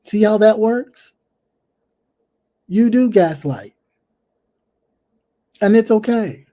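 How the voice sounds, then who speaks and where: Sassy, blunt livestream host with a mellow voice. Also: medium pitch, lively intonation, takes it slowly, pauses often. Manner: sassy and blunt, addressing a viewer directly; repeats phrases, trails off into soft fillers. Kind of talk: casual live-stream commentary.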